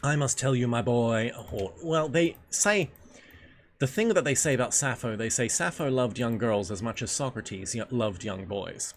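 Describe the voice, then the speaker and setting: A man's voice: mid-range voice, lively intonation, moderate pace, slight background noise. A man leading a reading group on a stream, reading a book aloud, stumbling over words and breaking off for casual, joking asides.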